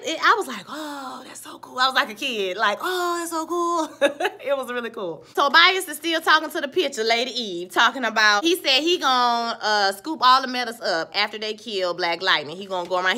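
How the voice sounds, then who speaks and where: Woman, animated casual TV recap; crisp, bright tone. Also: a little high. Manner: animated, chatty storytelling with playful asides. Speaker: TV episode reviewer.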